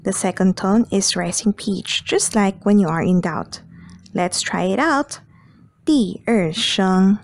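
A woman teaching Mandarin pronunciation in a slow, clear lesson style, drawing out each tone example. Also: medium pitch.

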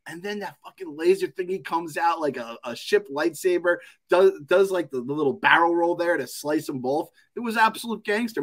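A man's voice: on the high side, a bit bright. A young man hosting a podcast in a casual chat, ranting, swearing and laughing often. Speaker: podcast host.

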